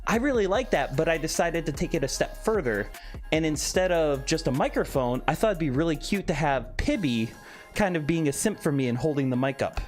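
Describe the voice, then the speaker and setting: A man's voice: fairly high pitch, fairly quick. A man streaming live, chatting casually and playfully while reading out and answering his chat. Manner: animated, reads chat aloud and answers playfully. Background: faint background music.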